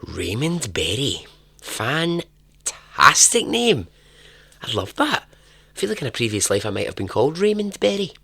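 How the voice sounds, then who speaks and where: A man, hosting a podcast and telling a true story in a casual, chatty way, breaking into animated asides and frequent laughs. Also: fairly low pitch, measured pace, gravelly, pauses often, no echo. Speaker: podcast host.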